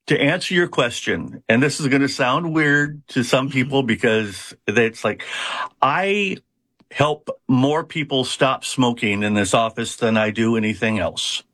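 A man's voice: medium pitch, unhurried, fairly bright tone, dry recording, studio quality. A man who runs a hypnosis practice, explaining his methods in an interview with frequent fillers and restarts. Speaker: hypnotist, founder of a hypnosis center. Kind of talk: conversational interview answers.

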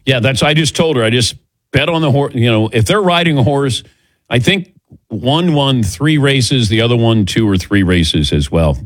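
A man's voice: medium pitch, normal speed, dry recording. Middle-aged male radio host, casual storyteller, dry close mic. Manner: storytelling, acts out quoted voices. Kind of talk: casual sports radio chat.

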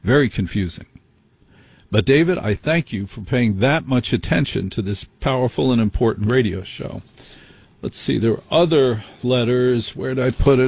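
A man's voice: medium pitch, normal speed, vocal fry, a little mellow, breathy edge. A middle-aged man hosting an overnight radio show, chatting casually with rambling, wry, self-deprecating asides. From United States. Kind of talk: casual late-night radio chat.

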